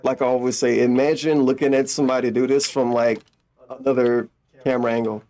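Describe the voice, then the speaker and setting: A man's voice: medium pitch, little pitch movement, a little fast, dark tone. A man streaming live, reacting to a video with sarcastic, profane mockery. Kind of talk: casual live-stream commentary.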